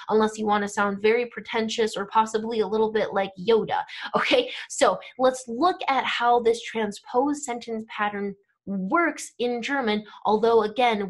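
A young woman teaching a grammar lesson to camera, explaining patiently and checking in with frequent "right?" and "okay?". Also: a little high. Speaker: language teacher.

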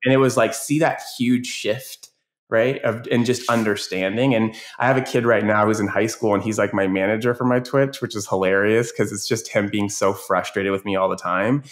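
A man who works as an educator, talking casually as a podcast guest and telling animated stories from his teaching. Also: on the low side, moderate pace. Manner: animated storyteller, acts out voices in anecdotes. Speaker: educator and youth advocate guest.

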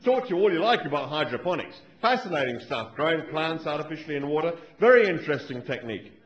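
A man's voice: fairly high pitch, very animated, quick pace, reverberant, highs cut off. A man doing a put-on Australian accent as a grumpy, rambling middle-aged venom scientist, fussy and exasperated. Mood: grumbling.

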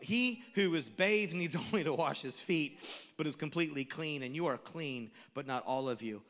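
A man preaching a sermon as pastor, animated, swinging between shouted lines and hushed asides. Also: fairly high pitch, normal speed, few pauses, in a large hall. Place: church sanctuary.

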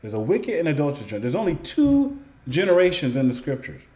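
Speaking to camera, a man gives informal Bible teaching, posing rhetorical questions and answering them conversationally, with chuckles and restarts. His voice runs high with wildly swooping pitch, a quick pace and a warm tone. The sound is roomy.

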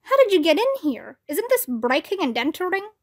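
A woman voicing a loud young schoolboy who protests that he hates reading. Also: extremely high pitch, sing-song, fairly quick, voice pushed up. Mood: alarmed.

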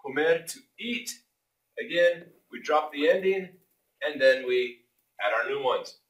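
A man who is a native English speaker, teaching a language lesson in an energetic, jokey way and punctuating points with loud exclamations. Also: on the high side, a little slow. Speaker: Spanish teacher. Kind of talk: classroom lesson explanation. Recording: echoey room, mic at a distance.

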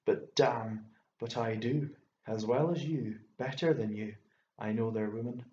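A man's voice: medium pitch, fairly even intonation, measured pace, warm tone, lightly acted. A man voicing an argumentative, stubborn young man who taunts and defends himself, in an audiobook reading. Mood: defensive. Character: stubborn young Irishman, quick to argue. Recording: echoey room, dull lo-fi sound, faint hiss.

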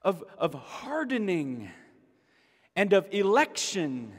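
High-voiced man preaching in a hall. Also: wildly swooping pitch, slow. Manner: emphatic, rising to exclamations and repeating key phrases. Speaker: pastor. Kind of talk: sermon. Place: church sanctuary.

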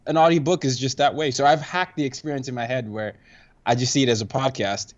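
Man chatting eagerly over dull audio. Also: mid-range voice. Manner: enthusiastic, frequent restarts and laughs. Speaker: podcast guest. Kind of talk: casual conversation. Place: New York.

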